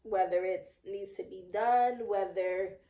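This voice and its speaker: A woman's voice: mid-range voice, slow, dark tone. Emphatic woman in her thirties, echoey room. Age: 30s. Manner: emphatic, frank, heartfelt. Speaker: podcast co-host. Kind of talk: casual chat.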